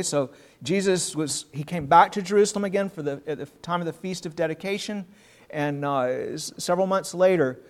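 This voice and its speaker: A man's voice: fairly high pitch, a bit bright. A man preaching a sermon, reading Bible passages aloud and then explaining them in a conversational way.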